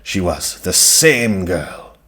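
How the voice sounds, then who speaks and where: A man voicing a kindly, steady middle-aged farmer who talks gently and warmly. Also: low-pitched, slow, slightly rough, heavily acted. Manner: gentle, warmhearted.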